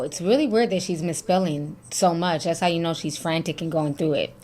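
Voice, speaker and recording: Low-voiced woman reading celebrity gossip. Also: normal speed, a little mellow. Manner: reads text messages aloud, then remarks. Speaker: reaction video host. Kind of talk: reading gossip news and commenting.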